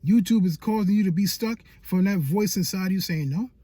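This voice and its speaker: A man's voice: sits high, a little fast, mellow, no echo. A man giving a faith-based motivational talk as a YouTube coach, emphatic and repetitive like a preacher.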